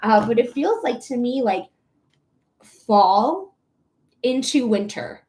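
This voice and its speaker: A woman's voice: on the high side, animated, slow pace. Chatty Detroit woman hosting a live reading. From Metro Detroit, Michigan. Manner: chatty, giggly, thinks out loud. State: sleep deprived. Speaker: psychic reader and livestream host. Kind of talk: casual live-stream chat.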